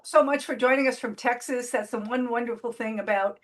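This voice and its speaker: A woman hosting a casual interview over a video call, chatty with halting restarts. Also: a little high. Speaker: interview host.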